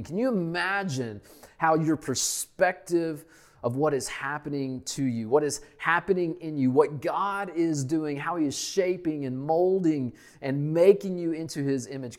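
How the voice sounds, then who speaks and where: A male pastor preaching a sermon, emphatic, repeating key lines and dropping to a hush at the ends of phrases. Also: on the high side, normal speed.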